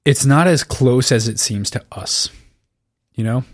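A man's voice: mid-range voice, measured pace, no echo, clean studio sound. A man co-hosting a casual book discussion, rambling and making wry jokes. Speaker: podcast co-host.

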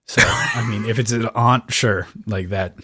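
A man's voice: lowish voice, fairly even intonation, measured pace, noisy background. A man co-hosting a casual book discussion, rambling and making wry jokes. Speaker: podcast co-host.

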